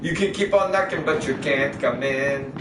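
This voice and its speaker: A man talks through a gaming livestream, rambling and cursing as he airs strong opinions. His voice sits at a middling pitch and sounds set back from the mic, with a roomy echo and steady noise underneath. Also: moderate pace, distant mic. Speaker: game streamer. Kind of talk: casual gaming livestream chat.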